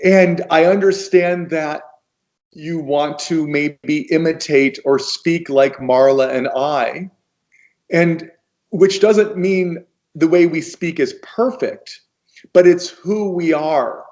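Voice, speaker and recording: An American man speaking as a guest on a video call, talking in a slow, gentle and encouraging way. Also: a little high. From United States.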